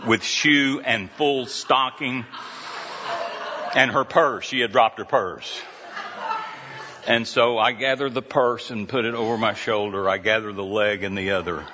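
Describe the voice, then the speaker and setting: A man's voice: mid-range voice, sharp tone. A man preaching a sermon as a pastor, telling stories and putting questions to the congregation. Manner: storytelling, slow and conversational with audience questions. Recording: dull lo-fi sound in a reverberant hall.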